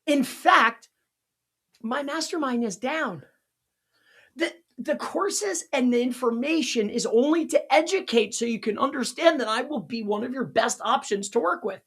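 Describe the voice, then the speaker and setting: A man hosting a loose live teaching stream, jumping from point to point with bursts of excitement and laughter at his own jokes. His voice is husky and sounds worn and strained. He talks straight to his viewers in a casual, unscripted way. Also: extremely high pitch, a little slow. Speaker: local SEO consultant and livestream host.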